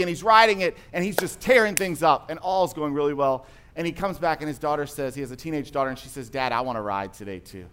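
A man's voice: a little high, a bit bright. Conversational man preaching. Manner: conversational storytelling, rising to emphatic passages. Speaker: pastor. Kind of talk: sermon.

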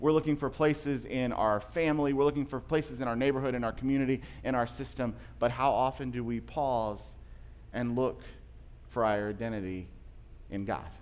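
A man's voice: medium pitch, steady tone, moderate pace, darkish tone. A man preaching a sermon, telling stories in a conversational way that rises to emphatic passages. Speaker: pastor.

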